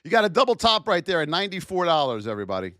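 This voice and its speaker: Middle-aged male streamer, high and very animated, shouts out viewers between chart calls. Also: rapid-fire, dry recording, clean studio sound. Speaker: trading livestream host. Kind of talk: live stream market commentary.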